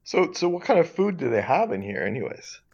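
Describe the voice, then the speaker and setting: Guy playing a halting reporter, lots of uhs, kinda muffled lo-fi mic. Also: medium pitch, very animated, vocal fry, a little mellow. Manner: halting, full of "uh" and restarts. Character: hesitant male field correspondent.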